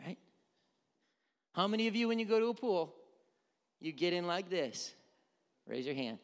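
Man, pastor, sermon, high pitch, conversational, asks the room questions, reverberant church hall. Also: very animated, moderate pace.

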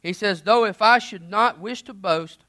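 Guy preaching, high voice, chatty sermon style, gets loud then drops low. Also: normal speed. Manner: conversational preaching, swings between loud emphasis and quiet asides.

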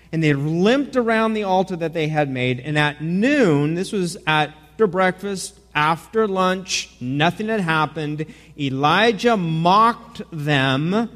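Casting: male pastor, sermon delivery, high-pitched, lively and joking, recorded with long hall reverb. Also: slow pace. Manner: animated, joking, many repeated starts.

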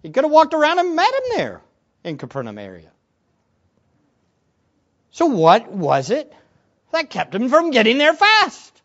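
Slow, lively preaching man, dull recording. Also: very high-pitched. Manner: animated preaching, swinging from quiet asides to loud emphatic lines. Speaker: pastor. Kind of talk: sermon.

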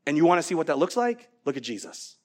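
A male pastor delivering a sermon in a high, light voice. He is animated, climbing into excited, louder stretches and then dropping to near-hushed, intense lines. He grew up abroad before becoming a citizen. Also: quick pace. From from outside the US, naturalized American. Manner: animated, swings from loud to hushed.

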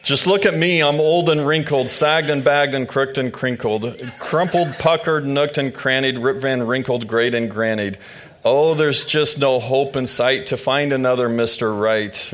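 A man's voice: mid-range voice, steady tone, moderate pace, fairly bright tone, pitched above the performer's own voice, natural voice. A man voicing an old widowed woman in a rhyming storybook, lamenting her age and urging her daughters-in-law home. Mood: self-mocking. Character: distraught old widow woman, self-mocking.

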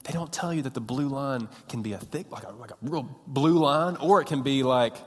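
Animated young pastor in a reverberant hall. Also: male voice, mid-range voice, fairly quick. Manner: animated storytelling, self-mocking and punchy. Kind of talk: sermon.

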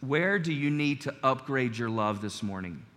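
Bright-voiced preacher man in a reverberant hall. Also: mid-range voice, expressive, moderate pace. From North Carolina. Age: 40s. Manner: storytelling, earnest, rising emphasis. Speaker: pastor. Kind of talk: sermon.

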